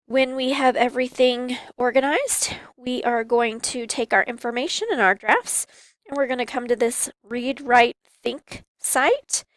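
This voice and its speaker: Woman, teacher, slow deliberate speech, dry close sound, slightly high voice. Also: no echo, poor audio. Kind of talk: class project instructions.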